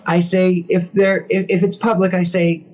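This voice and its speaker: A man, a guest psychic on a casual podcast, telling animated stories and acting out the dialogue with frequent restarts. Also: sits high, normal speed, poor audio.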